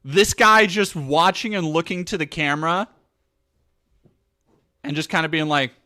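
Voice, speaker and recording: A man's voice: on the high side, unhurried, pushed and bright. A man giving casual, sarcastic, profane commentary on video clips as a streamer.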